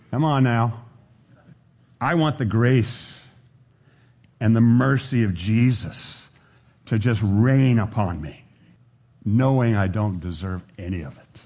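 A man preaching a sermon, earnest, slowing down to stress the scripture he quotes. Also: medium pitch, a little mellow. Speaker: pastor.

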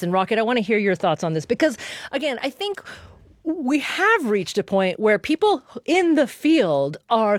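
A woman host steers a panel discussion with a lively, wide-ranging voice. She often restarts sentences with repeated words, and the sound is dry and close. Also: medium pitch, dry recording. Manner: animated, repeats words when starting sentences.

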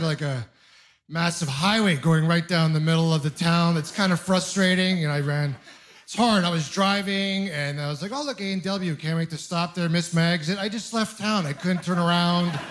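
A man's voice: high voice, fairly bright tone. A man in his thirties from Ontario performing a stand-up comedy set in a club, rambling through self-mocking stories with acted asides. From Ontario, Canada. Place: comedy club with laughing audience.

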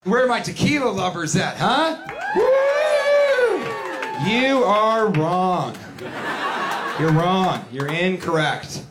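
A male stand-up comedian delivering a ranting, emphatic routine. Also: fairly high pitch.

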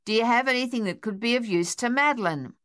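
A woman's voice: fairly high pitch, fast talker, a bit bright, smooth, voice pushed up, lightly acted. A woman voicing a brusque, impatient woman in an audiobook, blunt and insistent. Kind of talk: audiobook character voice.

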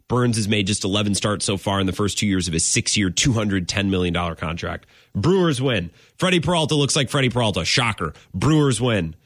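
Male sports radio host, lowish voice, lively swings in pitch, dry close sound, sarcastic rants. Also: dry recording. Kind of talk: casual sports talk radio.

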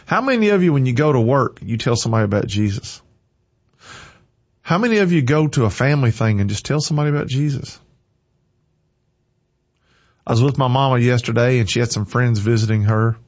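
A man preaches with fervor, driving each point home through repetition. His voice is husky and sits at a middle pitch. The recording sounds dull and lo-fi. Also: brisk, pauses often. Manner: forceful, emphatic, repeating lines for stress. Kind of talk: sermon.

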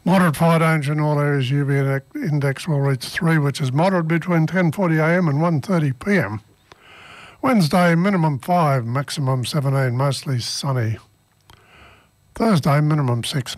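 A man presenting local radio, reading the weather in a relaxed, chatty way and telling a joke. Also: medium pitch, no room sound.

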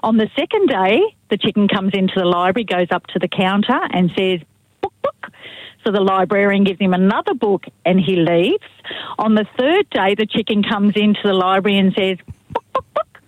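A woman's voice: medium pitch, brisk, no room sound, phone-quality sound. Woman caller telling a joke.

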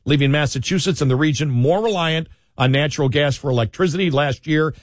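A man's voice: medium pitch, no room sound. A man hosting talk radio, sarcastic and mocking, delivering political commentary into a studio mic. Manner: sarcastic, mocking, mimics others.

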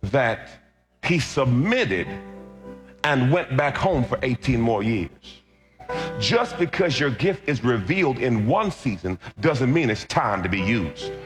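A man's voice: medium pitch, big pitch swings, takes it slowly. A man preaching a sermon, telling a humorous personal testimony and calling out to the congregation. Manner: humorous storytelling, calls out to the congregation. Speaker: pastor. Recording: roomy church sound with loud music. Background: loud instrumental music.

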